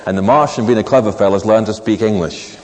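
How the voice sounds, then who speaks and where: A man preaching a sermon, reading scripture slowly and emphatically, then telling stories with dry, wry asides. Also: darkish tone. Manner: measured, emphatic, drops low on key words. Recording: long reverb of a large hall.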